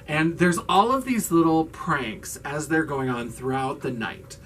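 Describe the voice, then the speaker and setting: A man's voice: a little high, big pitch swings, moderate pace, few pauses, a bit bright, breathy edge, far from the mic. Chatty, sarcastic man recapping a movie. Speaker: drag queen video host.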